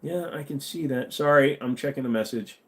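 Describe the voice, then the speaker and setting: A man's voice: mid-range voice, moderate pace. A man in his forties hosting a livestream, chatting casually with viewers in a blunt, profane, rambling way and sounding tired. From United States. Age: 40s. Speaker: livestream host. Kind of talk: casual livestream chat answering viewer comments.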